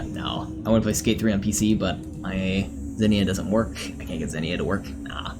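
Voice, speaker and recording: A man's voice: lowish voice, moderate pace, few pauses, over music. A man chatting casually on a live stream, answering viewers in a rambling, easygoing way with plenty of fillers.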